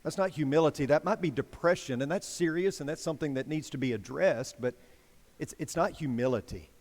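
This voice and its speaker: A man's voice: fairly high pitch, fairly quick, darkish tone. A man preaching a sermon, a folksy, joking storyteller. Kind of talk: sermon with a told joke. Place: church sanctuary. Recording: church hall reverb.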